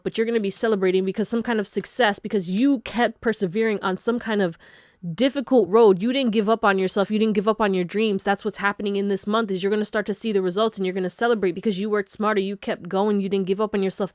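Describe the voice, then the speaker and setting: A woman reads tarot cards for her viewers in a loose, chatty way, often laughing and dropping slangy asides. Her voice sits at a middle pitch. The recording is dry and close to the mic. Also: steady tone, fast talker, dry recording. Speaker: tarot reader. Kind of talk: casual pick-a-card tarot reading.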